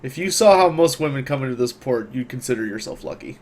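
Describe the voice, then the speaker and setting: A man's voice: medium pitch, animated, fast, darkish tone, close to an everyday voice. A man voicing a wary young barmaid in a pirate port, talking in a matter-of-fact, gossipy way. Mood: guarded.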